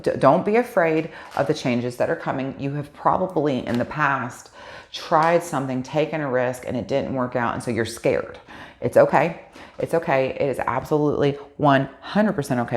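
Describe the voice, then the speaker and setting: A woman giving a casual tarot card reading for her channel, chatty and excitable, swearing freely as she pulls cards. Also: rumbling low. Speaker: tarot reader.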